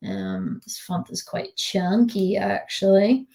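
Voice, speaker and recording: A woman's voice: mid-range voice, wildly swooping pitch, slow, creaky, mellow. A woman tutor giving a live online design tutorial over a video call, chatty and giggly with lots of fillers.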